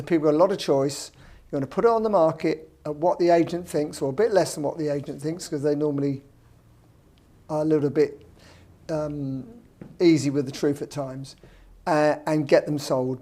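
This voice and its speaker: Blunt British male developer, slightly raised pitch, anecdotal and wry. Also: a little fast, mellow. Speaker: property developer guest. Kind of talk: casual podcast chat.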